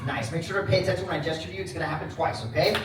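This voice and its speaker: A man's voice: fairly high pitch, racing. A man presenting a history lesson to a class, calling on students and getting the crowd to repeat after him. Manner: energetic, calls on students and prompts the crowd. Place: large echoey classroom or hall. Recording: echoey room recording from far off, noisy.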